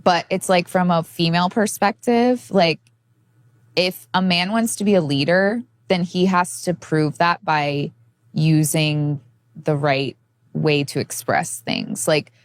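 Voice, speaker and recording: A woman's voice: lowish voice, takes it slowly, no room sound. A woman co-hosting a podcast, chatting casually about relationships, speaking fluently with many "like" fillers. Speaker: podcast co-host.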